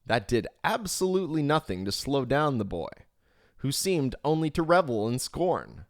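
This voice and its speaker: A man reading an audiobook aloud expressively, swinging his pitch for emphasis, on a home microphone. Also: very animated, moderate pace, no echo, studio quality. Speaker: audiobook reader. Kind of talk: audiobook narration. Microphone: home microphone, live stream.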